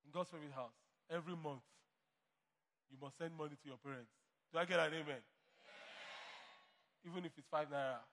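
A man's voice: on the high side, fairly quick, pauses often, fairly bright tone, big-room sound. A man preaching a sermon as pastor to a church congregation, emphatic and playing out imagined replies. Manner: emphatic preaching, mock dialogue.

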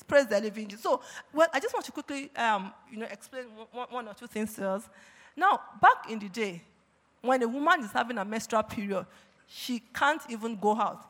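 Preacher reading bible verses, keeps saying praise the living jesus, mid pitch, long hall echo. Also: expressive, moderate pace, fairly bright tone. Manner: punctuates with repeated praise calls, reads scripture aloud. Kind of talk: sermon. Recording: long reverb of a large hall.

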